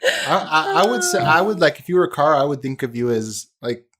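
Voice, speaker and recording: A man's voice: on the high side, lively intonation, fairly quick, crowd noise. A man chatting casually on a podcast as a guest, playful and teasing. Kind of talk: casual chat.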